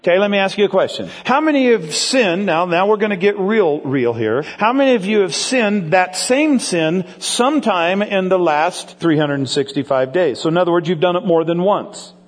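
A man's voice: high-pitched, expressive, moderate pace, few pauses, long reverb tail. A man preaching a sermon in a conversational way, asking his congregation questions and drawing them in. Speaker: pastor. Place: church with congregation.

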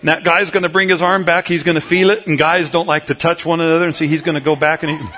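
A man preaching a humorous sermon, telling a folksy, animated story that swings between loud and soft. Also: fairly high pitch, quick pace, very noisy.

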